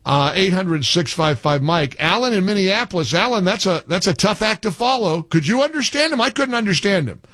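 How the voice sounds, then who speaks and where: Animated wisecracking male radio host. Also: high voice, brisk, hardly any pauses, dry recording. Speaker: radio talk show host. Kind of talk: call-in radio talk.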